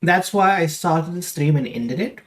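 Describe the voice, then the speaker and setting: A man's voice: a little high, animated, unhurried. A young man chatting casually on a live stream, rambling with lots of fillers as he talks straight to his viewers.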